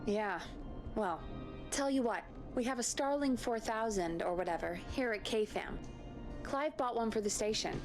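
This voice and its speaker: Blunt radio station coworker, game dialogue, slightly high voice, music under. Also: female voice, lively intonation, measured pace. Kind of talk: voice-acted video game dialogue.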